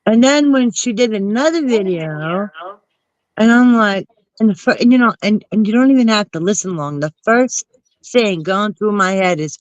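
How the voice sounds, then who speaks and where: A woman with a New Jersey accent and a cold, rambling through casual gossip with animated asides. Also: medium pitch, moderate pace, no echo, rough recording. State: has a cold. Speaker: chat participant.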